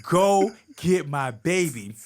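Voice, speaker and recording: A man's voice: lively intonation, slow pace, a crowd in the background. A man voicing a fierce, protective mother who brushes off military authority. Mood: defiant. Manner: shrill, defiant, brushing off authority.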